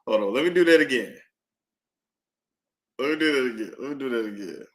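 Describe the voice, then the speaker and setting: A man hosting a casual recap stream, reading out both sides of courtroom exchanges in an animated, playful way. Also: mid-range voice, a little fast. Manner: reads out both sides of courtroom exchanges, slipping in put-on voices.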